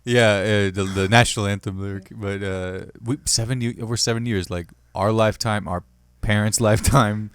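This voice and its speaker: A man's voice: on the low side, fairly even intonation, fairly quick, few pauses, clear, resonant tone, no echo. A young man co-hosting a podcast in casual chat, laughing often and swearing as he jokes. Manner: laughs a lot, swears, jokey. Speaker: podcast co-host.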